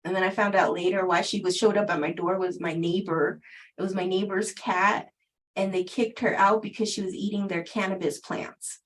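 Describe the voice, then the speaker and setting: A woman's voice: medium pitch, fairly even intonation, normal speed, rough recording. A middle-aged woman, a spiritual teacher, casually telling a personal story on a livestream and laughing often between sentences.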